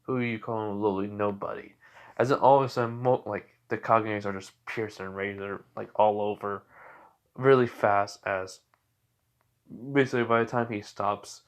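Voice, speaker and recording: A man's voice: lowish voice, fairly even intonation, moderate pace. Casual rambling man telling a story. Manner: rambling, many fillers and restarts. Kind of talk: casual fan-fiction narration.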